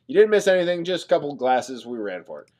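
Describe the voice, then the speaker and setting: A man's voice: fairly high pitch, very animated, quick pace, a little mellow. A man hosting a casual livestream from Nebraska, chatting and joking with viewers as he reads the chat aloud. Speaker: livestream host.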